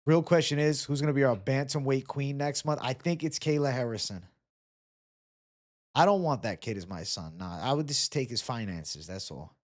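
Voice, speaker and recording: With a mid-range voice at normal speed, a man runs a casual livestream, reading chat messages aloud and joking easily while swearing now and then.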